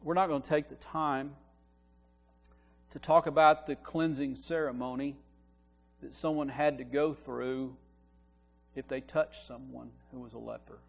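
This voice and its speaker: A man's voice: mid-range voice, fairly even intonation, unhurried, gravelly, long pauses, in a large hall, soft background music. A man preaching a sermon, explaining a Bible passage in an earnest teaching manner and building emphasis on key words, with frequent restarts. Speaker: minister. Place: church sanctuary.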